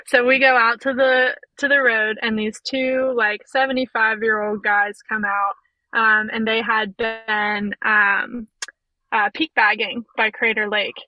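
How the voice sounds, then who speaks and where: A woman's voice: a little high, level tone, a little slow, dry recording, highs cut off. A young woman telling a hiking story as a podcast guest, chatty and full of "like" and "you know". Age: young adult. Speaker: podcast guest, physiotherapist and through hiker. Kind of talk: casual storytelling.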